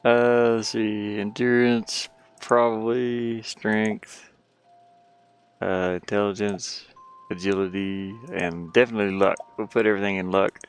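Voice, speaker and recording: Smooth-voiced man rambling through gameplay. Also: fairly low pitch, steady tone, measured pace. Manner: rambling, mumbling asides. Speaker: streamer playing his own game. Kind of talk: casual gameplay commentary.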